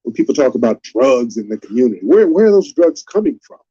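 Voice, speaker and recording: A man's voice: medium pitch, sing-song, fast talker, dark tone, husky, highs cut off. A man hosting a live stream, lecturing in an emphatic, repetitive way.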